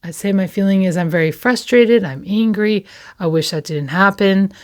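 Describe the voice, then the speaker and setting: Brief: woman host, personal recovery talk, candid, unhurried, restarts her phrases often. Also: medium pitch. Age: adult with children. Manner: candid and slow, pausing often and repeating herself. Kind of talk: reflective personal talk to camera.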